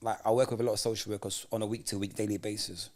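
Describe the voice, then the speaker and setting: A man co-hosting a casual podcast chat, telling animated stories and acting out what people said. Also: fairly low pitch, rapid-fire. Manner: animated storyteller, acts out quoted voices. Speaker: podcast co-host.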